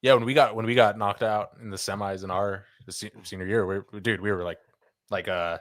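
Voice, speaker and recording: A man co-hosting a podcast in relaxed, agreeable casual chat. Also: lowish voice, fairly quick, no echo, clean studio sound. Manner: laid-back, agreeable, many yeahs. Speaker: podcast co-host.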